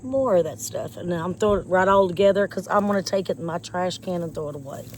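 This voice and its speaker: Speaking fast in a lowish voice, a woman chats with her viewers while pulling weeds in her yard by the porch, with background noise around her. She's a rambling, folksy vlogger, and a chest infection gives her a slight cough.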